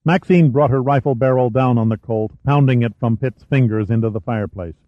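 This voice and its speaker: Male narrator, mid-pitched, steady thriller read, close dry booth. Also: fairly quick, no room sound. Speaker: audiobook narrator. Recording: dry, slightly muffled studio recording.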